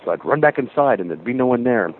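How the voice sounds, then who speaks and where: A man calling in to a radio show who rambles through his story in an animated way. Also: mid-range voice, fast. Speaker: caller. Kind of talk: call-in storytelling. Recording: phone line with faint hiss.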